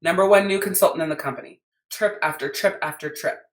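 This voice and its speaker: An American woman with a low voice, talking to listeners in a blunt, swear-heavy rant as a business coach. Her voice bounces around an echoey room. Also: quick pace. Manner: blunt, emphatic, swears freely. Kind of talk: podcast rant.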